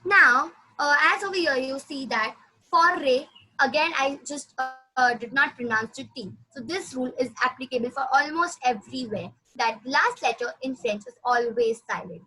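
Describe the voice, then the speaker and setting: A woman teaching a language lesson, patiently repeating words slowly for her student. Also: high-pitched, sharp tone, poor audio. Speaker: French teacher.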